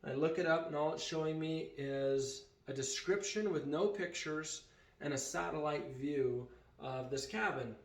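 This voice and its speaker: A man tells a story to his vlog audience in a lively, animated way, voicing the people he quotes. His voice sits a little high for a man. The room around him rings with echo. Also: measured pace. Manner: animated retelling that acts out quoted dialogue. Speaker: vacation rental owner and vlogger. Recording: echoey room.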